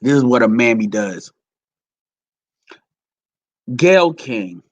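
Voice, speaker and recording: Man, heated profane rant, rambling commentary, mid pitch, dry recording. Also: big pitch swings, slow, no room sound, lo-fi sound. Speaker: commentary vlogger.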